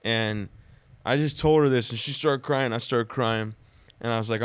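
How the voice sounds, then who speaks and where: A man who is a podcast guest, telling personal stories in a dramatic, animated way during casual conversation. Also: mid-range voice, normal speed, smooth, no echo.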